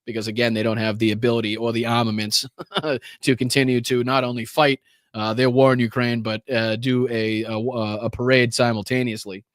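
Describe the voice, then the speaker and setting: A man with a Boston accent hosting a political show, ranting angrily with heavy profanity and halting filler pauses. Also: medium pitch, little pitch movement, dry recording, clean studio sound. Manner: profane, angry, shouting rants with many filler pauses. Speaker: host.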